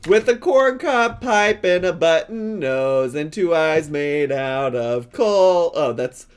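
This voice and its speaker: A man hosts a reaction video, chatting casually over a clip and breaking into giggles. He takes his time with each remark, and his pitch swoops widely as he riffs. His asides are playful and drawn out. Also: animated, slow pace, smooth.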